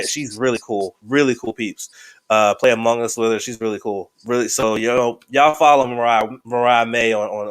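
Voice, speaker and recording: A man hosting a podcast in casual, excitable chat, swearing freely and joking around. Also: medium pitch. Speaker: podcast host.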